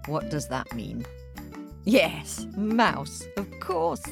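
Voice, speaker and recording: Woman presenting a kids show, slowish and lively, lowish voice, music underneath. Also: vocal fry. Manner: friendly, questioning the listener. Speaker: podcast host. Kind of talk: children's podcast presenting.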